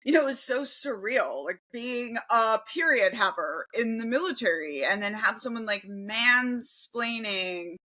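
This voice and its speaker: A woman's voice: a little high, lively intonation, a little slow, hardly any pauses, bright, forceful tone, rough recording. A woman born in the Philippines co-hosting a podcast in casual chat, talking loosely with lots of fillers. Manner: conversational, lots of "like", mimics voices. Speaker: podcast co-host.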